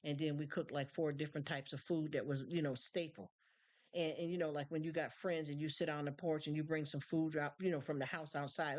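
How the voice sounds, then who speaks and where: A woman's voice: low-pitched, steady tone, fairly quick, darkish tone. Streamer, woman; loose rambling chat, repeats words when worked up. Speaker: live stream host. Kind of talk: casual chat.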